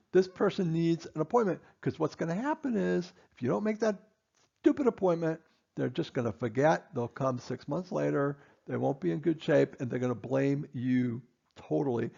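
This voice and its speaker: A man's voice: fairly high pitch, creaky, a little mellow, highs cut off. A man, a dentist, giving a stern training lecture to his assistants, emphatic and repeating his points.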